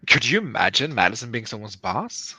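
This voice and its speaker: Bright, playful man on a stream. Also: on the low side, sing-song, brisk, slightly rough, dry recording. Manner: playful, joking, laughs often. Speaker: podcast co-host reading chat. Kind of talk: casual live-stream chat.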